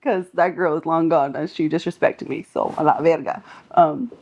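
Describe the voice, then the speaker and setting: Low-voiced and speaking at a normal speed, a young Southern California singer guesting on a podcast relates street stories full of profanity and laughter, animatedly performing people's lines. The sound is lo-fi with slight background noise.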